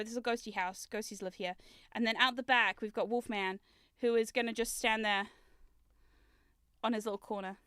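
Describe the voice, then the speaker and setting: A woman streamer chatting casually while building and unboxing, talkative, laughing often and swearing in loud outbursts. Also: on the high side, a little hiss or hum. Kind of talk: casual live-stream chat.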